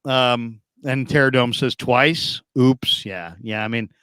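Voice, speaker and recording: A middle-aged man hosting a sports talk show, telling stories in an animated, casual way with frequent stammering restarts. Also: mid-range voice, takes it slowly, clear, resonant tone, no echo, studio quality.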